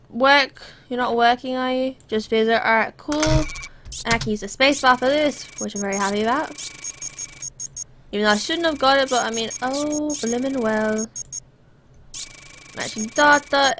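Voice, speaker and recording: Brief: New woman, gaming host, unhurried chatty commentary, bright and a little high. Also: a little hiss or hum. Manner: chatty, reads game lines aloud, mock-stern inspector asides. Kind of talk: casual let's-play commentary.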